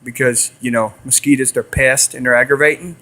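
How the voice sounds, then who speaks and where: A man's voice: medium pitch, steady tone, brisk, pushed and bright. A young man telling a rambling story to his viewers, repeating himself and hissing to mimic animals. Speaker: vlogger. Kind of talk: casual storytelling to camera.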